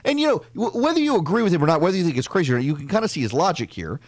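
A man's voice: fairly high pitch, very animated, very fast, no echo. A man hosting a political podcast, delivering an opinionated, conversational monologue with frequent restarts and sarcastic asides. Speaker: podcast host.

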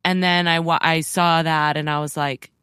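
A woman's voice: deep voice, little pitch movement, normal speed, sharp tone, clean tone, no echo, clean studio sound. A woman co-hosting a podcast in casual chat, wry, teasing and self-deprecating. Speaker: podcast co-host.

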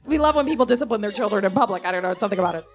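A woman's voice: mid-range voice, expressive, very fast, faint music behind. A woman comedian telling a comic story at a live show, acting out voices. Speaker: comedian and writer, guest. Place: live show in a bar venue.

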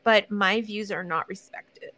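A woman's voice: mid-range voice, steady tone, a little slow, sharp tone. A woman mimicking a whiny, easily offended teenage student who complains in a mock-aggrieved tone. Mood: mock-wounded.

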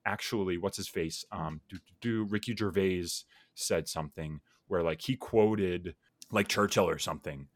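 A man's voice: low voice, normal speed, dry recording. A man in casual podcast conversation, reflective and earnest, thinking aloud with many fillers. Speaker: podcast guest or host.

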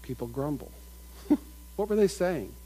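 A middle-aged man preaching a sermon in an earnest manner, building to loud emphatic peaks and dropping to quiet asides. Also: fairly high pitch, expressive, unhurried, slightly rough, rough recording. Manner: earnest, builds up with rising emphasis, mimics crowd voices.

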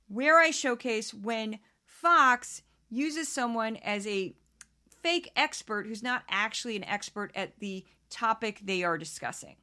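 Bright-voiced St. Louis podcast host. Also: female voice, fairly high pitch. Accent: St. Louis Southern-Midwestern. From St. Louis, US Midwest. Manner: candid, chatty, laughs often, self-aware asides. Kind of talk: casual commentary on news clips.

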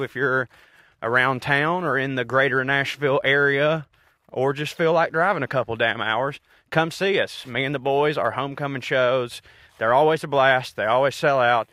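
A man's voice: mid-range voice, sharp tone, dry recording, studio quality. A man with a Southern US accent, a comedian and podcast host, ranting alone in a casual, rambling, profane and self-mocking way. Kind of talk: casual solo rant.

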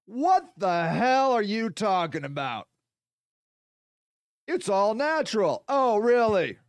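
A podcast host rattles through a foul-mouthed, rambling comic monologue, playing both sides of made-up arguments. His voice sits unusually high and is smooth and resonant. The sound is close and dry, with no room around it. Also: dry recording. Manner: profane, rambling, acts out mock dialogues. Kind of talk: solo comedic rant.

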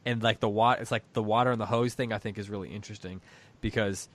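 A man's voice: on the low side, fairly even intonation, fast, fairly bright tone. A man hosting a book discussion podcast, reflectively thinking aloud about a story. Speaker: host.

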